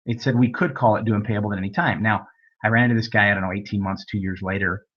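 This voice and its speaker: Man, real estate lecture, husky, storytelling with dialogue, dull recording. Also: lowish voice, fairly even intonation, fast. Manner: folksy storytelling, acts out dialogue. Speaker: real estate investing instructor. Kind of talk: webinar lecture with anecdotes. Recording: dull lo-fi webinar audio.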